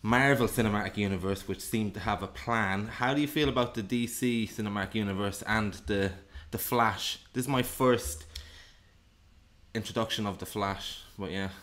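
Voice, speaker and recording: A man's voice: fairly low pitch, normal speed, a bit bright. Rambling, jokey male film podcast host. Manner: rambling, self-deprecating, jokey. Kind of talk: casual film review chat.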